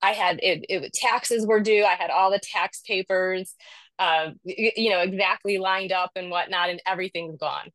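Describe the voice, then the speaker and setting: A woman's voice: mid-range voice, fairly even intonation, normal speed, fairly bright tone, no echo. A middle-aged woman on a video call, telling a rambling, self-deprecating story about caring for her mother. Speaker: caregiver sharing in a support group. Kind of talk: candid personal story in a video call group.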